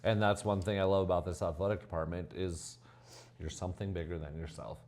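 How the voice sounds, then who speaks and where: Enthusiastic low-voiced coach, a man. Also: level tone, a little fast, darkish tone. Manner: enthusiastic, praising. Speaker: volleyball head coach. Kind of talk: interview answers.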